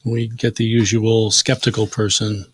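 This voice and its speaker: A man, an acupuncturist, talking casually on a podcast and telling relaxed stories about his patients. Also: lowish voice, measured pace, breathy edge, dry recording. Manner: relaxed storytelling, acts out patients' quotes.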